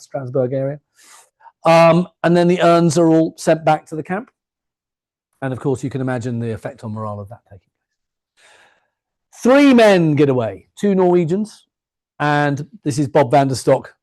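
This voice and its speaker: A man giving an evening history talk to a live audience in a museum, chatty and full of jokey asides. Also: fairly high pitch. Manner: chatty, jokey asides, quick lively delivery. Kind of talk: public lecture with anecdotes. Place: museum lecture room before a live audience.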